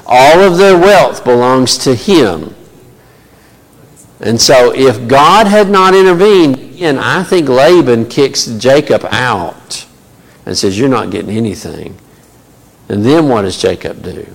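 A man's voice: medium pitch, lively intonation, slow. A man teaching a Bible study in a conversational way, with many fillers and asides. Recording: long reverb of a large hall.

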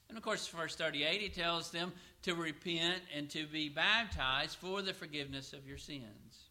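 A middle-aged man preaching a sermon, asking questions and answering them himself, and slowing down to read scripture aloud. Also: a little high, pushed and bright. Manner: asks and answers his own questions.

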